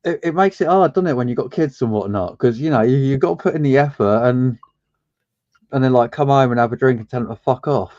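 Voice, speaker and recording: A British man chatting on a live voice call, wry and relaxed, often stumbling over his first words. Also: mid-range voice, fast, no room sound. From Britain. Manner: wry, relaxed, stammers on starts. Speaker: panel guest. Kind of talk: casual banter. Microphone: online voice chat. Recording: slightly dull lo-fi voice-chat mic.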